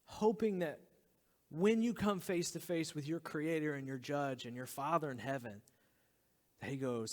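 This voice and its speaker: A pastor in his thirties preaches a sermon earnestly, sometimes dropping to a hushed whisper for emphasis. His voice is a little high and his pace normal, with long hall reverb on the recording.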